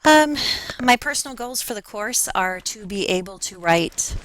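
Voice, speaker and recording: A woman's voice: medium pitch, animated, moderate pace, fairly bright tone, slight background noise, poor audio. A woman giving a recorded self-introduction for a class, speaking hesitantly and stumbling over her words with fillers. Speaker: faculty member taking a graduate class.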